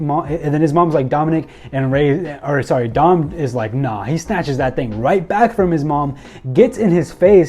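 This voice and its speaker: A young man excitedly recapping and commenting on a wrestling show, acting out quoted lines and using many fillers. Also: a little high.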